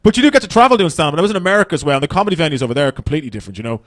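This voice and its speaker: A man's voice: on the high side, expressive, very fast, fairly bright tone, no echo, clean studio sound. An Irish man doing stand-up comedy on a festival stage, brash and profane, rambling through his stories.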